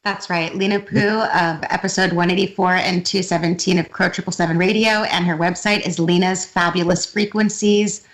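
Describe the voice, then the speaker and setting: A woman's voice: on the low side, fairly even intonation, moderate pace, hardly any pauses, rough recording. A woman co-hosting a casual call-in radio show, speaking in an emphatic, defiant way. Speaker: co-host.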